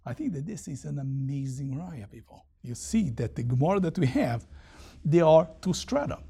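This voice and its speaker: A man teaching a Talmud lesson, reading Aramaic passages and explaining them in lively English. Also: a little high, normal speed, gravelly, breathy edge.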